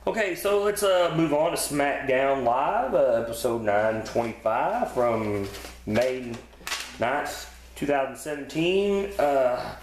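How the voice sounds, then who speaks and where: A man's voice: mid-range voice, animated, slow pace, slight background noise. A man co-hosting a podcast, chatting casually about wrestling episodes in a rambling, profane way with many fillers. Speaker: podcast co-host. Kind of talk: casual wrestling review chat. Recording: roomy echo.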